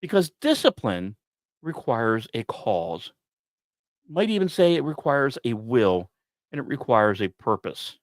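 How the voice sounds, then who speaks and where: A man hosting a podcast, telling a history story with dramatic pauses and wry asides. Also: dry recording, studio quality. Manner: dramatic, wry asides, lively pitch swings. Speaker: podcast host. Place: small dry studio.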